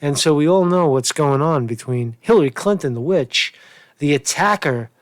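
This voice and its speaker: A man's voice: fairly high pitch, animated, moderate pace, no echo, studio quality. A man giving casual, rambling political commentary as a vlogger, crude and profane, repeatedly calling the listener "man", tired and sore from a long drive.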